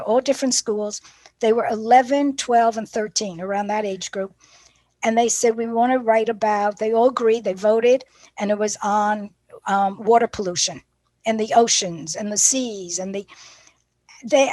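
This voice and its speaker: A woman teacher trainer with a somewhat high voice gives a professional development talk. She tells classroom stories in a lively way and acts out both sides of the dialogue. The sound is dry and close. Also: no room sound.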